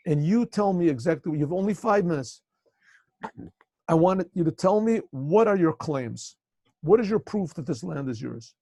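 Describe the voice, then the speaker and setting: Guy as a calm wise rabbi laying down rules, dark gravelly voice. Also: on the high side, normal speed, no room sound. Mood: calm, firm. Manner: patient, firm instructions. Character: calm wise older rabbi judging a dispute.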